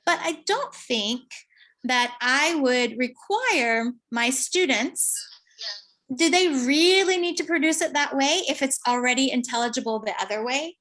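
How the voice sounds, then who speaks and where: Woman lecturing slowly over a call. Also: high voice, animated, fairly bright tone. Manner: slow, explanatory, thinking aloud with fillers. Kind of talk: online lecture.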